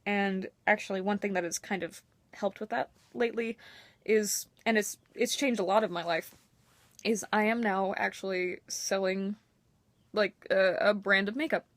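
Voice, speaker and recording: A woman's voice: medium pitch, fairly even intonation, moderate pace, no echo. A young woman talking candidly and emotionally to her camera in a personal vlog, with a self-mocking edge. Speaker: vlogger.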